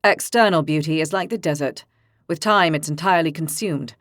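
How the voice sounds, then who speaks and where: A woman voicing a grave, poetic young desert man who speaks in measured, proverb-like lines. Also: low voice, dry recording, studio quality, voice pushed down, lightly acted. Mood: solemn.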